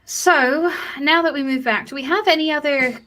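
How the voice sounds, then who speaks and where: A woman co-hosts a casual livestream Q&A in a high, bright voice with a non-American English accent. She talks bluntly and swears freely, answering the chat with a heated, forceful edge. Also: moderate pace. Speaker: co-host of a Q&A stream.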